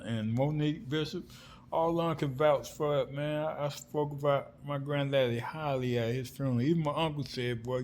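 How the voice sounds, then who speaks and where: A middle-aged man from South Florida telling family stories in an animated, slangy vlog monologue, acting out the people he quotes. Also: on the high side. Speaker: vlogger. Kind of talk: casual storytelling monologue. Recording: faint background noise.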